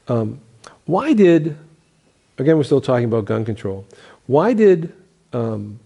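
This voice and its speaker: A middle-aged pastor teaching a class in an emphatic sermon style. He drives his points home with repeated phrases and rhetorical questions, often stumbling into restarts. His voice is mellow and dark, at an ordinary male pitch. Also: creaky.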